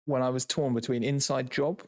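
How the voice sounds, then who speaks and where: A man's voice: medium pitch, steady tone, fairly quick, a little mellow. A man co-hosting a casual livestream quiz, chatty and teasing, guessing answers. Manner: chatty, teasing, laughs easily. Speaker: co-host.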